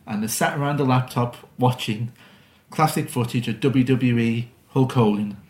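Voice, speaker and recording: A man's voice: mid-range voice, normal speed, over music. A man co-hosting a podcast, trading dry, witty quips about films. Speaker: podcast co-host. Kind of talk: casual film review chat.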